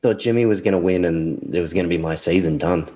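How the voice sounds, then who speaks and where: A man with a very deep voice who sounds sniffly and congested as he co-hosts a casual podcast chat. He talks in a laid-back, teasing way, trading banter with his co-host. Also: fast talker, warm tone.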